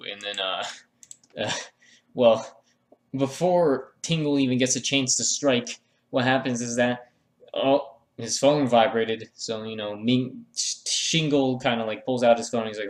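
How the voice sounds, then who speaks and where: A man narrates a drawing tutorial at a middle pitch, rambling along with jokes. He keeps circling back with restarts and fillers, in a loose, offhand voice-over. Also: steady tone, a little slow. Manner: meandering, joking, lots of fillers and restarts. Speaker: art tutorial creator.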